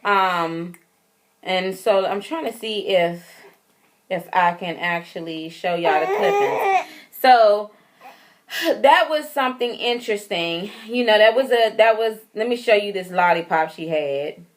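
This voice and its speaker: A woman's voice: medium pitch, lively intonation, unhurried. A young woman telling a story in a casual vlog update, chatty and rambling, with lots of fillers. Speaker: vlogger.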